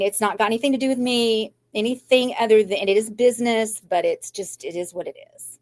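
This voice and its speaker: A woman's voice: a little high, fairly even intonation, brisk, hardly any pauses, darkish tone. An older woman, talking to her viewers in a rambling, anxious way that turns defiantly upbeat, with a shaky voice close to tears. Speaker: craft channel host. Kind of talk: emotional live chat to viewers.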